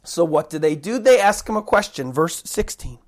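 A preacher giving a sermon, emphatic, slowing down to stress key phrases. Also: mid-range voice, expressive. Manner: emphatic, shifting pace with slow stressed phrases.

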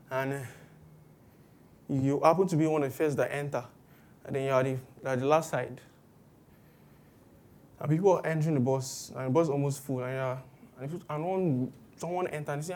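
A woman preaching a sermon, lively and acting out the voices of people she quotes. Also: sits low, normal speed, pauses often. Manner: animated, acts out quoted voices with exclamations.

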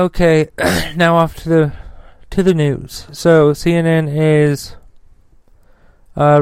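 Guy hosting a news podcast, kinda high voice, super clear and dry, blunt and swears a lot. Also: no room sound. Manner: reads news haltingly with many fillers and restarts; profane, blunt. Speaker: podcast host. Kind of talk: political news commentary.

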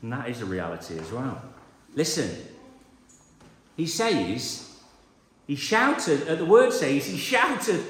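A man, preaching a lively sermon and acting out the voices in the story. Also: sits high, measured pace. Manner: animated, acts out voices, builds repetition. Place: church. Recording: echoey church hall.

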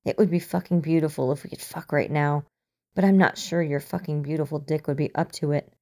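A woman's voice: deep voice, fairly even intonation, fairly quick, darkish tone. A woman voicing a drunk, sentimental, foul-mouthed young man with a theatrical delivery, in a storybook reading. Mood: mock-tender. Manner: theatrical, sweary.

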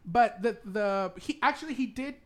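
A man's voice: high-pitched, moderate pace. Campy man telling a laughing story. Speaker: podcast host. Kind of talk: casual storytelling chat.

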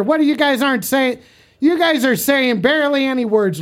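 A man's voice: very high voice, expressive, normal speed. A man livestreaming, bantering crudely and teasingly with his chat in a casual way.

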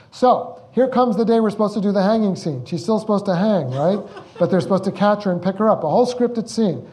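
Rambling, mellow-voiced man telling stories. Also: high-pitched, brisk. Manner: rambling, repeats words, acts out the quotes he tells. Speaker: film director speaking at a Q&A. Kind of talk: anecdotal storytelling at a Q&A.

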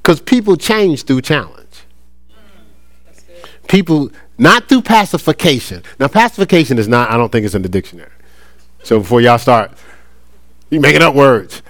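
A middle-aged man preaching a sermon, lively and conversational, often acting out playful voices. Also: mid-range voice, moderate pace, pauses often, dry recording. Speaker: pastor.

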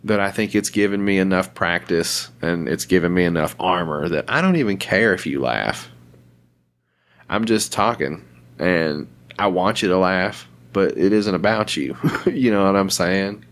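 A man's voice: sits low, normal speed, a bit bright. A young man hosting a casual podcast chat, blunt and profane, laughing often between remarks. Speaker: podcast host.

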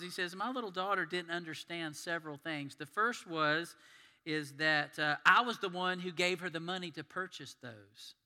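Man, pastor, sermon, animated storytelling, very bright voice, echoing hall. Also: a little high.

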